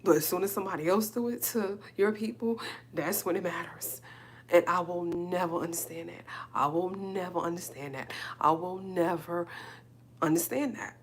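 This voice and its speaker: A woman, hosting a live stream and speaking a halting, emotional personal monologue, repeating herself as she holds back tears. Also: on the low side, slight background noise. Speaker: livestream host. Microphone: phone or webcam on a live stream.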